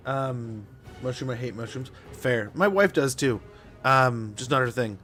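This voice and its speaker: Game streamer, young adult male, rambling casual chatter, mid pitch, faint music under. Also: unhurried, few pauses, fairly bright tone. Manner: rambling and chatty, many fillers and laughs. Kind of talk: casual gameplay chat.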